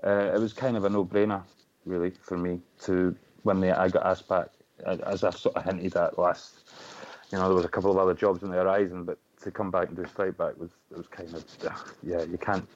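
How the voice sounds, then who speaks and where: A Scottish man with a fairly low voice chats easily as a guest, joking at his own expense and stumbling through restarts. The sound is a little muffled and lo-fi. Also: flat delivery, brisk. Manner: chatty, self-deprecating, many restarts. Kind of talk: casual chat.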